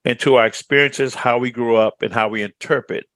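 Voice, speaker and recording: A middle-aged man from Chicago, USA, a speaker trainer, answers interview questions in a confident storytelling manner. His mid-range voice is brisk and fairly bright with fairly even intonation, and there is no room sound.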